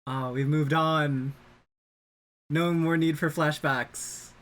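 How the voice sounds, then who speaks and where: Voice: mid-range voice, steady tone, slow, a bit bright. An anime reaction host who talks through the episodes in live commentary, blurting out dramatic, exclamatory reactions and plenty of swearing.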